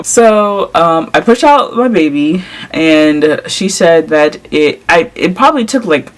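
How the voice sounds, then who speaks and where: A woman's voice: on the low side, expressive, unhurried, hardly any pauses. Chatty young woman telling a story. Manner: chatty, laughing often, many ums and likes. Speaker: vlogger. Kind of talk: casual storytime.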